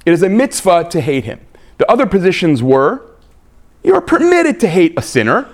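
A man, a rabbi giving a live lecture, emphatic and animated, checking in with his listeners with frequent "right?" and "okay?". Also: high voice, moderate pace.

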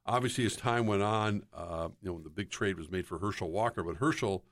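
An older sports broadcaster talks in a somewhat low voice. He tells rambling anecdotes in casual chat and slips into other people's voices for quotes. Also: a little fast, a bit bright. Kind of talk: casual storytelling.

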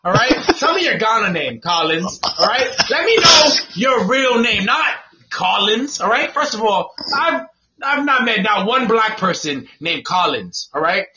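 A man hosting a casual podcast, ranting loudly and profanely with lots of laughter and repetition. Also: sits high, big pitch swings, measured pace. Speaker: podcast host. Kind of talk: casual comedic rant. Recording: dull lo-fi sound with noise.

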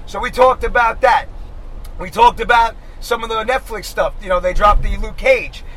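A man co-hosting a podcast, talking in an animated, blunt and profane way while riding in a car. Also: high-pitched, moderate pace, slight background noise, rough recording. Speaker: podcast co-host. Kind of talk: casual chat. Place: inside a moving car.

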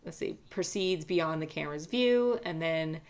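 A woman's voice: deep voice, normal speed. A woman telling a story in casual chat, with lots of fillers, reading a transcript aloud in parts. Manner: relaxed, many fillers, reads a transcript aloud.

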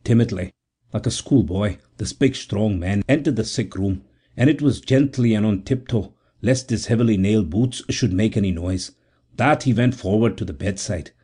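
A man reading a story aloud in measured, even narration. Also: on the low side, husky. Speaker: audiobook narrator. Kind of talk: scripted narration.

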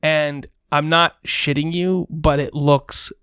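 A game master narrating a tabletop fantasy game in a measured, descriptive way. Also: mid-range voice, little pitch movement, fairly bright tone, smooth, no echo, studio quality.

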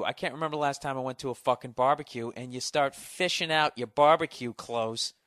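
A man hosting his own podcast, delivering a loud, sarcastic comedic rant full of swearing. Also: mid-range voice, no echo, studio quality. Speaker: podcast host. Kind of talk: profane comedic monologue.

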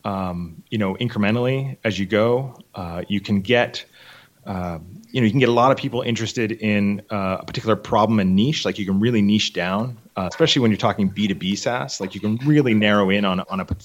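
A man, a software company CEO, talking casually as an interview guest, rambling with many fillers. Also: lowish voice, a little fast, dull audio.

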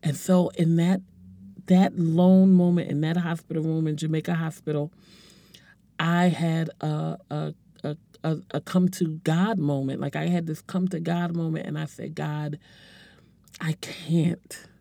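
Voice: medium pitch, level tone, gravelly, dark tone, dry recording. A speaker in their forties gives a heartfelt personal testimony, emotional and earnest, often stumbling and repeating words. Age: 40s. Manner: earnest, halting, repeats words while searching for them. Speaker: speaker sharing a personal story.

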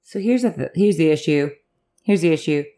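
A woman's voice: deep voice, expressive, brisk, mellow. A woman co-hosting a casual book discussion, venting emphatically with frequent swearing. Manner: frustrated, emphatic, swears, repeats "here's the thing". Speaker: podcast co-host.

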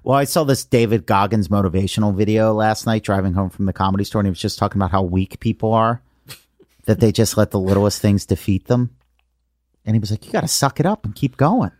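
A man in his forties with a fairly low voice chats casually as a podcast host, telling stories eagerly. The recording is dry and close, with no room sound. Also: steady tone, a little fast, darkish tone, no echo. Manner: enthusiastic storytelling. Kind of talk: casual chat.

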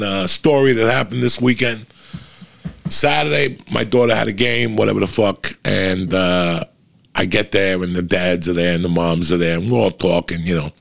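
A man's voice: fairly low pitch, gravelly. A man hosting his podcast, telling a rambling story in casual chat and swearing constantly. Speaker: podcast host.

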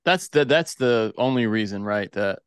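Low voiced guy, dry close sound, blunt jokey comments. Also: expressive, normal speed, clear, resonant tone, no room sound. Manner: blunt, joking remarks, laughs often. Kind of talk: casual chat.

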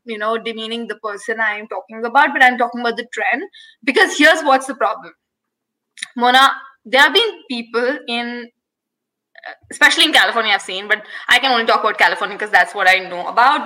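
A woman's voice: fairly high pitch, brisk, sharp tone, poor audio. A woman co-hosting a casual chat, candid and rambling, laughing often.

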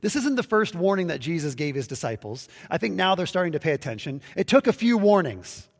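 A pastor giving a conversational sermon, with restarts and acted-out quotes. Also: male voice, sits high, sing-song, a little fast, in a large hall. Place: church sanctuary, livestreamed.

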